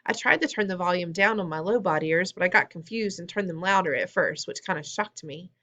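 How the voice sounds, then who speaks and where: A woman's voice: lowish voice, brisk, bright, forceful tone. A woman narrating a storybook in the first person, plain and conversational. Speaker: audiobook reader.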